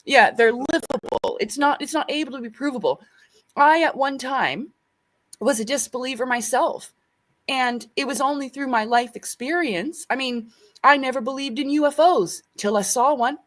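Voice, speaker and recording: A woman's voice: high voice, normal speed, a bit bright. A woman speaking as a guest in a casual spiritual discussion, earnest and reflective.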